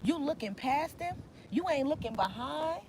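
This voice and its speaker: A woman's voice: sits high, animated, normal speed, background noise. A woman giving a casual tarot reading outdoors, talking in an emphatic, slangy, repetitive way. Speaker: tarot reader. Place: outdoors in nature.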